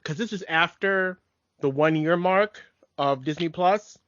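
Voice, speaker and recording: A man's voice: a little high, dry recording. A man co-hosting a nostalgic podcast in casual chat, rambling and often restarting his sentences. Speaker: podcast co-host. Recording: dry, dull lo-fi podcast mic.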